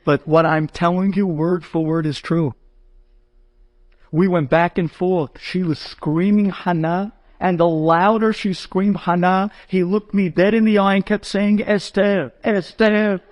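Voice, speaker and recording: Man, rabbi, dramatic storyteller, excited climbs in voice, high-pitched, dry sound. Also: measured pace, no room sound. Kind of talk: animated storytelling to an audience.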